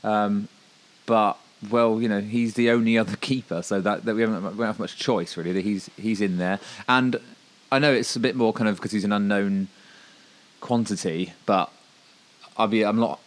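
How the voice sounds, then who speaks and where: A man's voice: lowish voice, steady tone, moderate pace. A man co-hosting a football podcast, talking in a rambling, hesitant way with many ums and restarts. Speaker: podcast co-host. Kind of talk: casual football chat.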